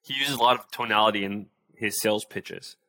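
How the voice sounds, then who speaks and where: A man's voice: fairly low pitch, brisk, sharp tone, no room sound. A young adult man, a sales coach, explaining and demonstrating tones of voice in a casual interview.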